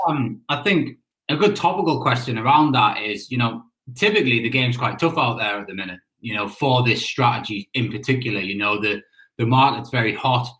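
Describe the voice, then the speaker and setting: A man's voice: mid-range voice, a little fast, a bit bright, low-quality recording. A man as a guest in a casual chat, rambling and repeating words.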